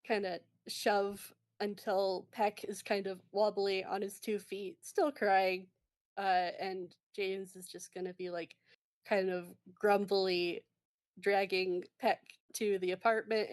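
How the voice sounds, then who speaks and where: A woman runs a tabletop game as game master, narrating in a rambling way full of fillers. Her pace is slow and her pitch sits in an ordinary middle range. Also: little pitch movement. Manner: rambling, filler-heavy, laughing.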